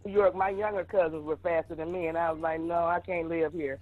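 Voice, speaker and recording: A woman's voice: on the low side, steady tone, brisk, dry recording, phone-quality sound, faint music behind. A woman in her fifties with a Southern US accent, calling in and chatting with good humor and laughter. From American South. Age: 50s. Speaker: caller. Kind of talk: casual call-in chat.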